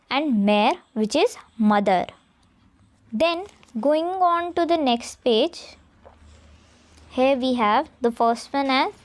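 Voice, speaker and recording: A woman with an Indian accent gives a beginner French lesson in a high, clear voice. She explains slowly and patiently, spelling words out one letter at a time. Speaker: French teacher.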